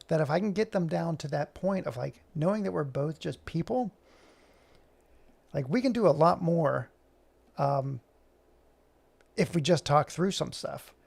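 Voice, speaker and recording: A man's voice: a little high, lively intonation, a little slow, gravelly, pauses often, darkish tone, breathy edge. A man chatting casually in a rambling way, full of fillers, while working on animation. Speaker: animator and vlogger.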